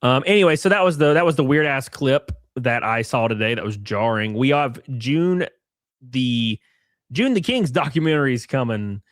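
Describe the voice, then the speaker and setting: A man's voice: mid-range voice, lively intonation, normal speed, dry recording, clean studio sound. A young man hosting a casual live stream, mocking and sarcastic, swearing freely and thanking viewers for gifted subs.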